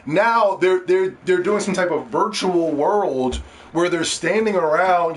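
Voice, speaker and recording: A man hosts a casual gaming podcast with an animated, profane rant. His voice sits a little high for a man, and he mocks other people in put-on voices. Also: normal speed. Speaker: podcast host.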